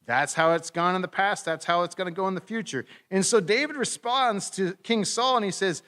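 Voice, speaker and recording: A middle-aged man preaching a sermon as pastor, in a conversational, animated storytelling manner with playful asides. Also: high-pitched, fairly quick, few pauses.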